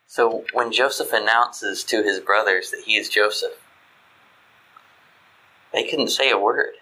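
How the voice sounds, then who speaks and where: A man's voice: fairly low pitch, measured pace, pushed and bright, rough recording. A man reading scripture and then teaching on it in a conversational way, often checking in with his listeners. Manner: conversational, asks "right?" to listeners, restarts mid-thought. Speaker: Bible teacher.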